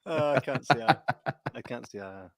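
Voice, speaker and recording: A man's voice: mid-range voice, lively intonation, normal speed, a crowd in the background. Wry male podcast co-host. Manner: wry, reads out listener comments. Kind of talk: casual podcast chat.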